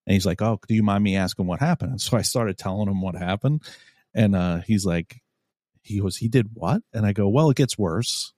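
Man, podcast host, low voice, dry close sound, casual storytelling, swears, animated. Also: a little fast, dry recording. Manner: animated, swears a lot, acts out quotes loudly.

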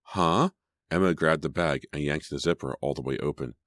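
A man reading an audiobook in scripted narration, telling the story in a measured way. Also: rumbling low, fairly even intonation, no room sound, clean studio sound.

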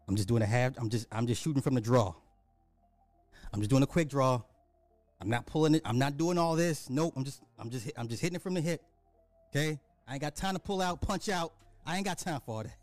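Sick, a man hosts a live radio show in a loose, rambling style, repeating lines and swearing as he gets excited. His mellow, dark, mid-range voice moves at a moderate pace, recorded dry and close with no room sound and faint music underneath.

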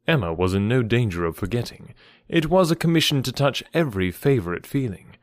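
A man narrating a classic novel as an audiobook in an expressive storytelling manner. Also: mid-range voice, brisk, dry recording, clean studio sound.

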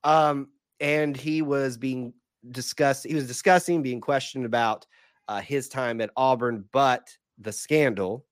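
A man, hoarse from a cold, hosting a casual sports podcast in a chatty, rambling way. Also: mid-range voice, steady tone, a little slow, dry recording, clean studio sound. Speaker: podcast host.

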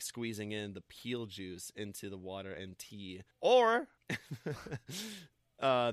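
A man co-hosting a casual podcast, rambling along loosely and laughing between thoughts. His voice is smooth and resonant, though a little off today. The sound is dry and close. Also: lowish voice, fairly bright tone, no room sound. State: voice a bit off. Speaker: podcast co-host. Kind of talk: casual chat.

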